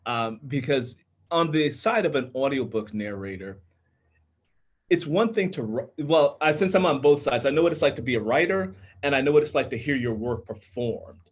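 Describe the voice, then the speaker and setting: A man from Minnesota, an author and audiobook narrator, explaining his craft earnestly in casual panel chat, with a tenor voice and many restarts. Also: medium pitch.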